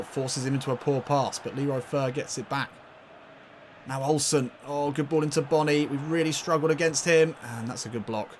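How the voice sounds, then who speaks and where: A man commentating casually on his own football video game match, getting loudly excited and laughing at near misses. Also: medium pitch, noisy background. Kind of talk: casual let's-play commentary.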